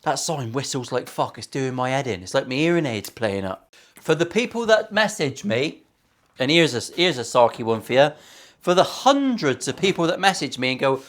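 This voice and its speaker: A man's voice: mid-range voice, animated, moderate pace. A man, a luthier chatting casually and sarcastically while building a guitar in his workshop, swearing freely.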